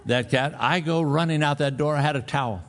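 A man's voice: fairly high pitch, brisk. A male pastor preaching a sermon, telling a folksy personal story and then pressing his point with emphatic exhortation.

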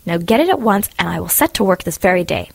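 A woman's voice: lowish voice, very animated, fast talker, gravelly, no room sound, exaggerated voice. A woman voicing a selfish, self-serving miller in a storybook reading, who talks in a preachy, sanctimonious way about friendship. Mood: scheming.

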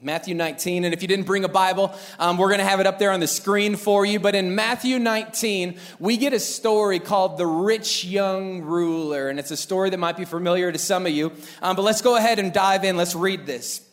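A young adult man preaching a sermon, telling a childhood story with lively acted-out voices. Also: sits high, a little fast, hardly any pauses. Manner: animated storyteller acting out voices. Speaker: pastor.

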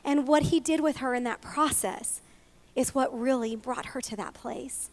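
A woman with a high, light voice preaching to a room of women. She speaks earnestly about faith and obedience, her words heartfelt and openly emotional, rising with conviction as she encourages her listeners. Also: normal speed. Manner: earnest, emotional, tearful at times. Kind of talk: sermon to a women's gathering.

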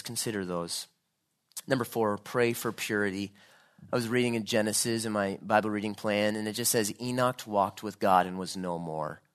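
A man's voice: mid-range voice, a bit bright. A man preaching a sermon, earnest and building to fervent pleading.

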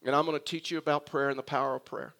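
A man's voice: a little high, flat delivery, very fast, a bit bright. A man preaching a sermon, speaking earnestly and repeating phrases as he addresses the congregation. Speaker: pastor.

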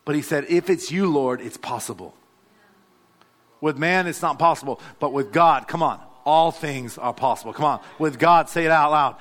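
A man's voice: fairly high pitch, fairly quick, few pauses, a bit bright. A male pastor, preaching a sermon and calling out to the congregation. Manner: exhorting, calls out to the congregation.

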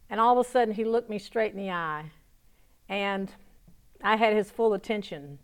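Pastor woman telling a lively testimony. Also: mid-range voice, normal speed, clear, resonant tone. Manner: lively storytelling that drops to soft, hushed tones. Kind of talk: spoken testimony to an audience.

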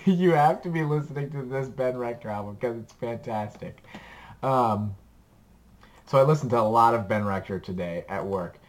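A man's voice: medium pitch, moderate pace. A man on a podcast chatting casually and enthusiastically about music he likes, rambling and laughing as he talks. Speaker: podcast co-host giving a music recommendation. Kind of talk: casual chat.

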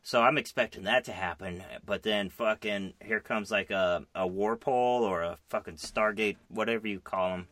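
Young man, low voice, bright forceful tone, casual profane chat, animated. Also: moderate pace, hardly any pauses, no echo. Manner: profane, animated retelling with silly mock voices. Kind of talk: casual chat about TV and comics.

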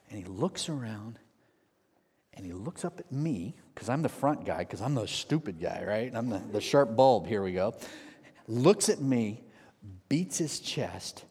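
A man gives a sermon and tells his story in an animated way, sometimes acting out voices. His voice sits at an ordinary male pitch. A long reverb trails after his words, as in a large hall. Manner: animated storyteller, acts out shouted quotes. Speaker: preacher.

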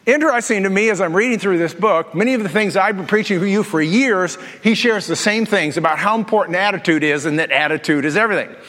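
A man's voice: sits high, fast, hardly any pauses, fairly bright tone, long reverb tail. A man preaching as a pastor, joking and asking his congregation questions in a conversational way. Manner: humorous, conversational, asks the audience questions. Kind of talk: sermon. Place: church.

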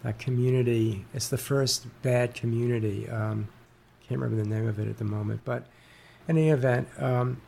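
A man being interviewed as an author guest, speaking haltingly with many fillers and restarts. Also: mid-range voice, fairly even intonation, creaky, warm tone. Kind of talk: interview conversation.

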